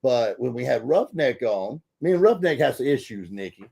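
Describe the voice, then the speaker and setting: A man hosting a podcast in casual, folksy chat, full of fillers and bursts of excitement. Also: medium pitch, normal speed, creaky, breathy edge. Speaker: podcast host.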